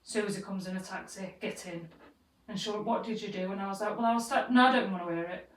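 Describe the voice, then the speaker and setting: A woman co-hosting a podcast, telling a story in a casual, animated way and swearing freely. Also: mid-range voice, quick pace, recorded from a distance, a little hiss or hum. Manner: animated, swears freely, acts out quoted voices. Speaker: podcast co-host. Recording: roomy sound, away from the mic.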